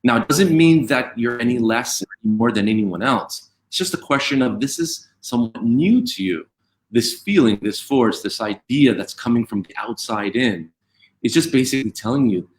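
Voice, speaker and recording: A man's voice: mid-range voice, lively intonation, normal speed. A man co-hosting a live online discussion over a video call, talking in a reflective, coaching way and often checking in with his listeners. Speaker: co-host.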